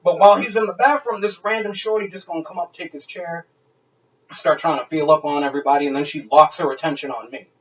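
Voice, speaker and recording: Animated, profane storytelling man. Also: a little high, fast talker, recorded from a distance, lo-fi sound. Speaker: podcast co-host. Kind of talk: casual storytelling chat.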